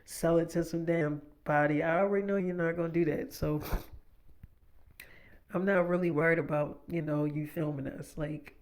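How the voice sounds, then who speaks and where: A man's voice: on the high side, fairly even intonation, normal speed, natural voice. A man voicing his girlfriend as a frank, foul-mouthed young woman in casual storytime narration, close to his own voice. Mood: reassuring. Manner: frank, profane, dismissive.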